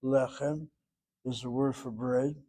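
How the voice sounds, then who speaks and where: Middle-aged male Hebrew teacher, lecturing, mid-pitched voice, stops to hunt for words. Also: fairly even intonation, dark tone. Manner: thinks aloud, pauses to search for terms. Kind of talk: classroom lecture.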